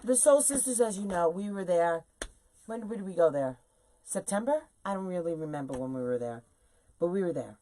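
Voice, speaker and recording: A middle-aged woman with a fairly low voice chats to her viewers as she makes a wreath bow on a live stream. She is animated and casual, talking to them the whole time she works. A faint hiss of noise sits under the recording. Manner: chatty, animated, talks to viewers while working. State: sore legs from standing. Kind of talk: casual chat while crafting on a live video.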